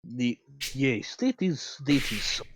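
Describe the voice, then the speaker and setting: Lively joking man at a game table. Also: mid-range voice, slight background noise. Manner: joking, profane, quick restarts. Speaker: player. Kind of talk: casual tabletop game banter.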